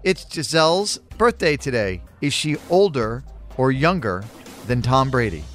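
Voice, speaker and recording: A man's voice: medium pitch, lively intonation, unhurried, a bit bright. Man, radio quiz host, upbeat punchy delivery, studio, faint music behind. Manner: upbeat, punchy read of trivia questions.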